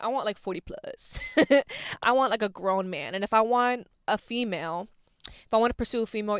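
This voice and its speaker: A woman's voice: medium pitch, clean tone, no echo, studio quality. A young woman in her twenties hosting her own podcast, chatting candidly, laughing often and swearing freely. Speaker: podcast host. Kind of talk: casual chat.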